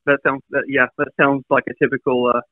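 A man with a Kentucky accent hosting a casual podcast interview, chatty and quick to laugh. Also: medium pitch, little pitch movement, dry recording, narrow, tinny audio. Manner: chatty, laughs between lines. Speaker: podcast host. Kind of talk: casual chat.

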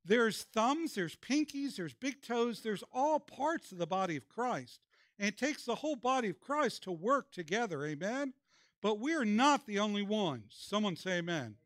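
A man with a strikingly high voice preaches a sermon. He keeps calling on the congregation to respond. The sound is close and dry, with little room around it. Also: big pitch swings, normal speed, a bit bright, dry recording. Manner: preaching with call-and-response prompts. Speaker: pastor. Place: church.

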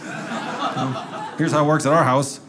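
A man's voice: on the high side, lively intonation, measured pace, background noise. A male comedian telling a stand-up story in a conversational way, acting out quotes.

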